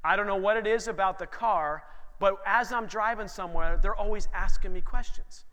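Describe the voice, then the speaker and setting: Pastor, 30s, higher voice, lively storytelling sermon, echoing sanctuary. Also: male voice, moderate pace. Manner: animated storytelling, asks the room for amens. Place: church sanctuary. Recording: long hall reverb.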